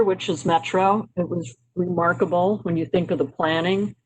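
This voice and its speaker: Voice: mid-range voice, fairly even intonation, normal speed, a little mellow, breathy edge, low-quality recording. Chatty presenter from Maryland, full of fillers. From Maryland, United States. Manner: conversational, with frequent um and uh fillers and restarts. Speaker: guest presenter at a county committee meeting. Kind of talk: informal slide presentation on urban history.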